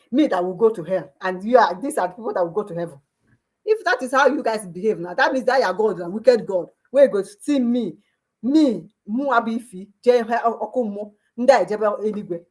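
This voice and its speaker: A woman's voice: medium pitch, darkish tone. A woman with a Nigerian accent ranting in an emphatic, scolding way as a vlogger, mixing in pidgin and local phrases. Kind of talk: ranting commentary.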